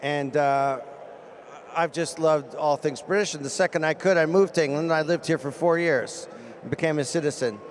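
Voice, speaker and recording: Man, fairly high voice, halting and chatty, self-deprecating, pitchside at a stadium, loud ambient noise. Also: steady tone. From Canada. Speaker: celebrity guest. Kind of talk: casual interview chat. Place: outdoors pitchside at a football stadium.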